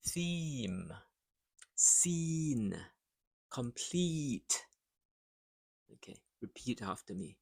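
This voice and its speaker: A man teaching English pronunciation, speaking deliberately and saying each model phrase twice for the listener to repeat. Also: mid-range voice, lively intonation, husky, no echo, clean studio sound. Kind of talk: pronunciation lesson.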